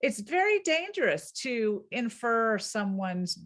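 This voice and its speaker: A woman linguist with a subtle Southern US accent, explaining clearly and laughing easily in a podcast interview. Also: on the high side, very animated, slow, fairly bright tone. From American South. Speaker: linguist guest.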